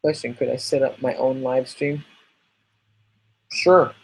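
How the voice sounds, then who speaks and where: A man's voice: mid-range voice, fairly even intonation, unhurried, gravelly, noisy background. A man hosting a casual livestream podcast, rambling and chatty as he answers viewers' questions. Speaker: podcast host reading live chat.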